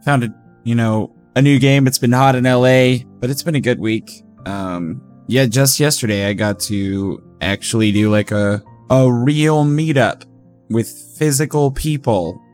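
A man's voice: mid-range voice, a little slow, darkish tone, soft background music. A man who is a regular podcast co-host, sleepy and laid-back in casual chat.

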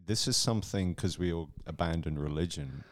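A man's voice: low voice, noisy background. A man co-hosting a podcast, rambling and restarting as he muses in casual chat. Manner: rambling, halting, many restarts. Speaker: podcast co-host.

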